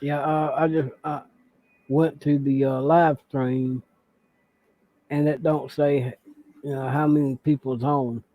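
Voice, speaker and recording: A man co-hosting a casual livestream, talking hesitantly and halting often, reading out viewer comments. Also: mid-range voice, flat delivery, mellow, no room sound. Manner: hesitant, halting speech with many fillers. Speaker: co-host reading chat. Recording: tinny dry phone-like line.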